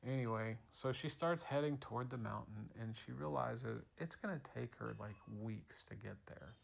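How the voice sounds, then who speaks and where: Gravelly dad improvising a story. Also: male voice, mid-range voice, normal speed. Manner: relaxed, rambling, playful with fillers. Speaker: father telling a bedtime story.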